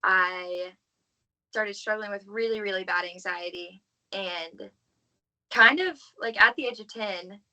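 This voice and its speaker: A young woman from the southern United States shares an earnest, heartfelt faith testimony as a podcast guest, saying "like" constantly in casual talk. Her medium-pitched voice is slow and sharp in tone, and the audio is poor.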